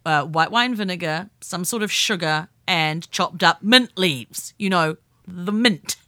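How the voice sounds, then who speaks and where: NZ woman, podcast co-host, teasing storyteller, bright and expressive, dry sound. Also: mid-range voice, dry recording. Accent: New Zealand. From New Zealand. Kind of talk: casual banter.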